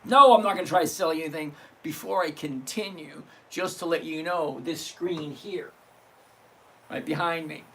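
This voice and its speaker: A man's voice: on the high side, moderate pace, a bit bright, slight background noise. A man in his sixties hosting a live trading stream, chatting casually, joking and swearing as he reads out numbers step by step. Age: 60s. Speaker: livestream trading host. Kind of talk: casual livestream teaching.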